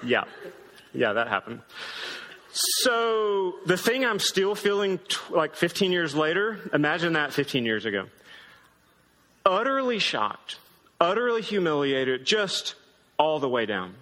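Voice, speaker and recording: Bright-voiced man preaching in a hall. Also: a little high, very animated, unhurried. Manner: casual, joking storytelling. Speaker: pastor. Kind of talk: sermon.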